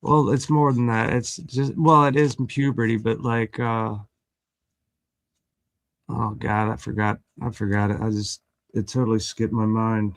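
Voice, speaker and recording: A middle-aged man chatting casually on a panel, rambling with halting restarts. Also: fairly low pitch, level tone, dry recording, clean studio sound. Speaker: podcast panelist. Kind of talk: casual chat.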